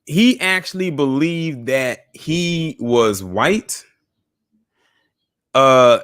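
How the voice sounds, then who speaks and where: A young man hosting a casual news commentary show, talking straight to his viewers with scoffing asides. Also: a little high. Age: young adult. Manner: animated, talks to viewers directly, scoffing asides.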